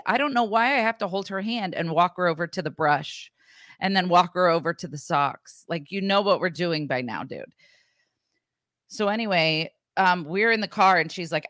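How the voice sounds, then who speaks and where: A woman with a fairly low voice co-hosts a casual podcast chat. She tells stories animatedly, acting out what others said, with a little swearing. The sound is dry and close. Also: expressive, normal speed, fairly bright tone, no echo. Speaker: podcast co-host.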